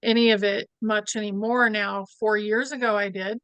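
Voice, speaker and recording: A woman in a casual spiritual chat, relaxed and reflective. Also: mid-range voice, moderate pace, clean tone, dry recording.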